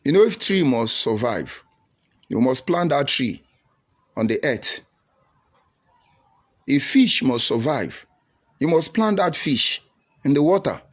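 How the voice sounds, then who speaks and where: A man's voice: medium pitch, sing-song, takes it slowly, long pauses. A man with a Nigerian accent giving preachy, taunting livestream commentary while reading out viewer comments.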